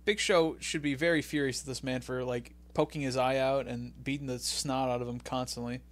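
Speaking slightly fast with fairly even intonation and a medium pitch, a young man recaps a wrestling match on a casual podcast he co-hosts. He's animated and keeps laughing, and the recording is dry.

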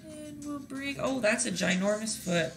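A woman's voice: fairly high pitch, animated, unhurried, faint music behind. A woman leading a casual live-stream painting lesson, chatty and encouraging, often checking in with her viewers as she goes. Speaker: painting instructor.

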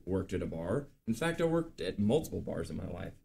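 A man in his late thirties hosting a live show, telling stories in a chatty, animated way with lots of ums and uhs. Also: low voice, a little fast, vocal fry. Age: late 30s. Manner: chatty, animated storytelling with filler words. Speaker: podcast host. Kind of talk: casual live-stream chat.

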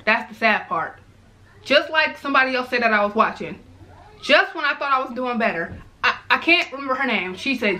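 A woman's voice: a little high, expressive, brisk, sharp tone, low-quality recording. A woman, a mother, speaking heartfelt and unscripted to her viewers in a casual vlog, often calling them "y'all" and repeating herself. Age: adult, mother of young girls. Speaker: vlogger. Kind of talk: emotional casual commentary to viewers.

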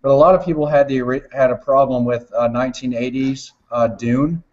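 A man's voice: mid-range voice, steady tone, brisk, darkish tone, muffled recording. A man in casual chat who retells stories in a rambling way, swearing often and laughing as he goes.

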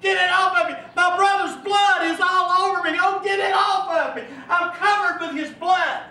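A man's voice: very high-pitched, fairly even intonation, normal speed, bright, forceful tone, voice pushed up, full character voice. A man preacher voicing a tormented man in hell who wails and pleads over his brother's blood. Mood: anguished. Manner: wailing, pleading cries. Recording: echoey room, from far off.

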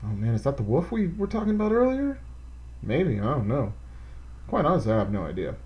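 A man hosting a video game let's play, talking casually and excitedly to his viewers as he plays. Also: mid-range voice, fairly quick, dull audio. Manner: excitable, rambling, talks straight to viewers. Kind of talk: casual gameplay commentary.

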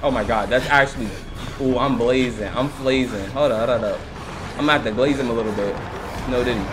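A man commentating his own horror game playthrough, excitable, joking and yelling for help as he plays. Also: medium pitch, fast, background noise. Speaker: gaming channel host. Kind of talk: let's play commentary.

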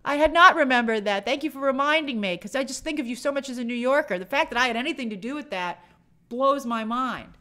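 A woman hosts a casual live stream, reading out viewer comments and answering each with quick, chatty opinions. Her voice is fairly high and strikingly bright. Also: lively intonation. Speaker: movie channel host answering viewer questions.

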